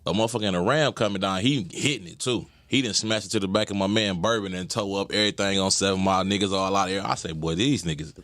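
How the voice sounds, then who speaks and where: Brief: man, podcast co-host, quick lively delivery, low-ish voice, joking and profane. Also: dry recording. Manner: animated storytelling, laughs often, profane. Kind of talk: casual podcast banter.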